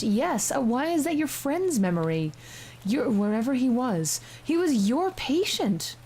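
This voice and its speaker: A woman's voice: a little high, sing-song, measured pace, mellow, faint music behind. A young woman doing casual gameplay commentary, reading the game text aloud and mocking the story sarcastically, with the odd swear. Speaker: let's-play gamer.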